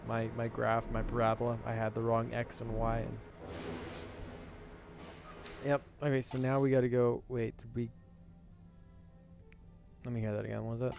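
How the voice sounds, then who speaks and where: A man's voice: mid-range voice, level tone, normal speed, gravelly, long pauses, a little mellow, dull audio, soft background music. A man casually commenting while playing a game late at night, laid-back and self-deprecating, sounding tired. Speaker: gaming streamer. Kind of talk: casual let's-play commentary.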